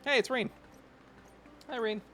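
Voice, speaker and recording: A man chatting casually on his game stream, relaxed and laughing often, swearing now and then. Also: very high voice, a little slow, a little hiss or hum. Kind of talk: casual gaming stream chat.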